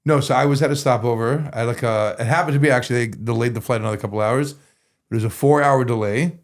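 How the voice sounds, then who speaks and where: A man's voice: mid-range voice, fast talker. Rambling male podcast guest. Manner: rambling, full of "like" and restarts. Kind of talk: casual storytelling.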